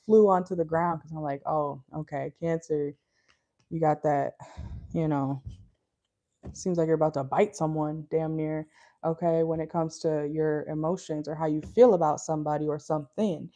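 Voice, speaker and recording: Minnesotan lady doing a tarot reading in her car, kinda low warm voice, blunt, laughs a lot. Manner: chatty, blunt and laughing, with lots of fillers. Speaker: tarot reader. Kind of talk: casual tarot reading for viewers. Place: parked car.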